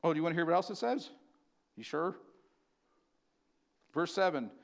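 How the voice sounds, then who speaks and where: A man preaching a sermon in a church, reading scripture slowly and building to loud, emphatic bursts. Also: fairly high pitch, lively intonation, gravelly. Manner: slows to read scripture aloud. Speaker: pastor. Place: church sanctuary.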